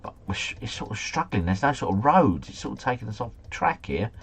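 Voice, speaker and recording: A man streaming a guessing game live, thinking aloud and chatting to viewers, his volume rising and falling with excitement. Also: medium pitch, fairly quick, slightly rough. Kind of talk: casual live commentary.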